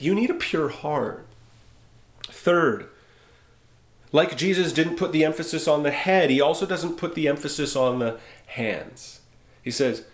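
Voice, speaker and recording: A man preaching a sermon as pastor, conversational and wry, slowing down for emphasis. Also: on the high side, echoey room. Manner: conversational, wry, with dramatic slowdowns. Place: church sanctuary.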